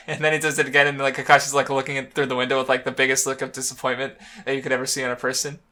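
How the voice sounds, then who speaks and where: A man co-hosting a casual podcast about comics. His voice is bright and forward, sitting at an average pitch. He rambles and restarts often and breaks into laughter as he talks. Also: flat delivery, rapid-fire. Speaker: podcast co-host. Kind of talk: casual chat about manga.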